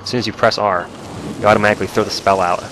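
A man giving excitable, joking commentary while playing a video game. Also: on the low side, very fast, background noise. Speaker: let's play host. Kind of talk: casual gameplay commentary.

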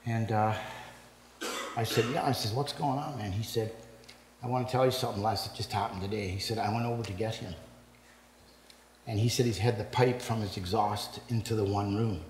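This older man from Canada, testifying at a men's breakfast, has a lowish, slightly mellow voice with a steady tone and moderate pace, pausing often. His stories ramble as he acts out others' words, laughs along, and works up to preaching. There's a little hiss or hum, and the church hall echoes with long reverb.

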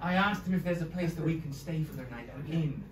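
A man's voice: a little high, fast talker, natural voice. A man playing a hesitant, bumbling crewman, improvised live on a comedy club stage. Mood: polite. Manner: hesitant, stumbling. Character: bumbling man, policeman then ship's crewman. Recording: echoey club from far off, loud noise.

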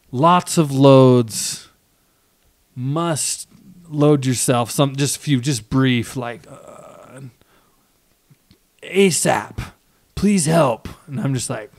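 A man's voice: mid-range voice, a little mellow, no room sound, studio quality. A man co-hosting a podcast, telling a story in casual chat and acting out the voices of people he quotes. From Wisconsin. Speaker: podcast co-host.

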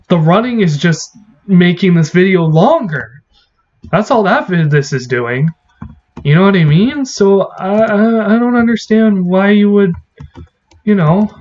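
Chatty young-sounding gamer man, slightly high. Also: dull audio. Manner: chatty, rambling, swears when frustrated. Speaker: gaming channel host. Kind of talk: casual gameplay commentary.

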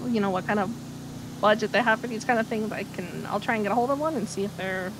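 A woman's voice: mid-range voice, fast. A woman playing a sheriff's department officer on a role-play phone call, hesitant and apologetic with many fillers. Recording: game car noise behind.

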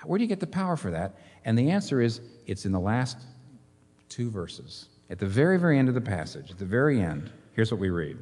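A man preaching a sermon as pastor, in an animated way full of rhetorical questions. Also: lowish voice, fairly quick, husky. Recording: long hall reverb.

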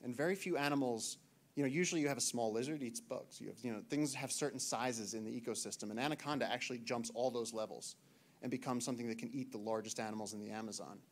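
A man in his thirties from the United States, a naturalist giving an animated storytelling talk to an audience in a lecture hall. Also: medium pitch, fast. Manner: animated, acts out shouted quotes.

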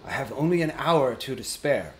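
A man voicing a small, fussy, businesslike male hobbit in an audiobook, prim and a little squeaky. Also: very animated, brisk, slight background noise, natural voice. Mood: shivering, insistent. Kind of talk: audiobook character reading.

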